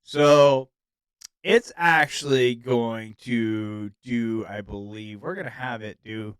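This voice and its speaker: A man's voice: medium pitch, slow, clear, resonant tone, no echo. A man running a tabletop game as game master, casual and laid-back with many ums. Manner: laid-back, lots of ums, frequent laughs.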